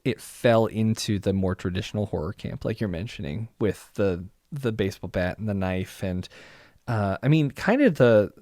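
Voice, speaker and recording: A man hosting a horror film podcast, chatting casually with lively restarts and stammers. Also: fairly low pitch, moderate pace, no echo, clean studio sound. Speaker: podcast host. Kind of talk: casual chat.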